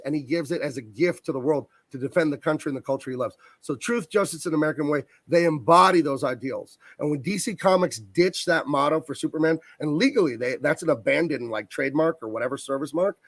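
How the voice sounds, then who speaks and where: A man's voice: a little high, animated, fairly quick, no room sound. Enthusiastic male comic artist, dry sound. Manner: enthusiastic, rambling, talks up his work. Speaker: comic book colorist guest. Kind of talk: casual interview chat. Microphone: video call.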